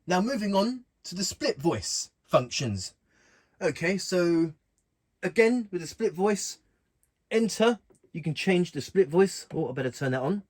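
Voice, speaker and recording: A man casually walking through keyboard functions in a relaxed, plain way, talking while he presses buttons. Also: high voice, unhurried. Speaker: keyboard tutorial host. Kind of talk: casual instructional walkthrough.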